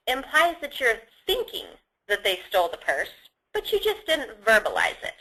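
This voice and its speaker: A woman's voice: a little high, very animated, normal speed, bright, forceful tone, rough recording. A woman giving a sales training lecture, explaining how to use tone and emphasis on the phone. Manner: instructive, demonstrates emphasis on example sentences.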